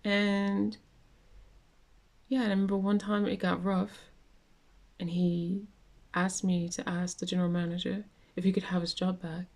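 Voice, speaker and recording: Young woman, casual vlog rant, mellow voice, rambling delivery with lots of fillers. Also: on the low side, little pitch movement, moderate pace, pauses often. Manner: rambling, many fillers and restarts. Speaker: vlogger.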